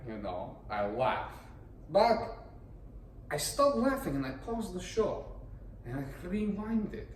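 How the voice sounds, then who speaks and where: A man explains how voice work is done, with a high-set voice that swoops widely as he plays up each point. He talks theatrically and teasingly, pitching questions at his listeners, and sounds a little distant in an echoey room. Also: a little hiss or hum. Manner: theatrical, playful, rhetorical questions. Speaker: voice performer. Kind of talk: explanatory monologue on voice acting.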